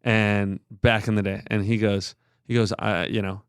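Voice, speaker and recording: A man's voice: on the low side, level tone, moderate pace, clean tone, no echo, studio quality. A man in his thirties, a podcast guest, sharing a personal story in an earnest, rambling way with many filler words. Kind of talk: candid conversational storytelling.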